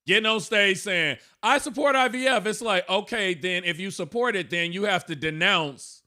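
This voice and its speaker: A man's voice: high-pitched, moderate pace, pushed and bright. A man co-hosting a podcast, reacting bluntly and swearing in a casual political chat. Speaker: podcast co-host.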